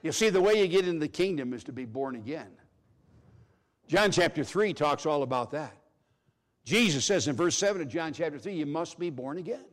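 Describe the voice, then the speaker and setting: A middle-aged man preaching a sermon, emphatic, swinging from loud declarations to hushed, low phrases. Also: expressive, a little fast.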